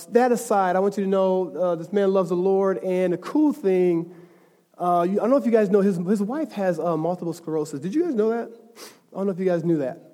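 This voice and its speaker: A man with a high but mellow voice preaches to his congregation. He talks in an easy, chatty way and builds to passionate, emphatic stretches. His voice rings with a long reverb in a church sanctuary. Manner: conversational, rising to emphatic passion. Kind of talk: sermon.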